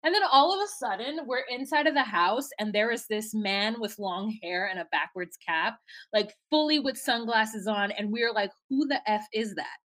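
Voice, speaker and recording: A woman co-hosting a casual podcast, recapping a reality show in an animated way, laughing and acting out quotes. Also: fairly high pitch, normal speed. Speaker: podcast co-host.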